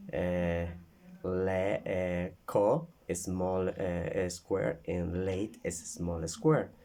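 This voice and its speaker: A man explains a classroom method at an unhurried, careful pace. His voice sits deep and low, and he stops often on fillers and restarts before going on. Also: darkish tone. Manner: halting, with many fillers and restarts. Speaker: English teacher.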